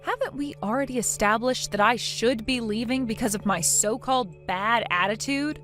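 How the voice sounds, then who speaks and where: A woman voicing a defiant daughter-in-law in a text-message story, sarcastic and mocking, with soft music behind. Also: fairly high pitch, moderate pace, natural voice. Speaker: narrator of the story.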